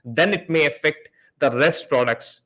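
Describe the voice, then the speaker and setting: This man hosts a live online Q&A about selling ads, specifically Amazon PPC, walking through things step by step as he shares his screen and poses questions to the audience. His voice sits on the high side and moves a little slowly, with a bright, forceful tone.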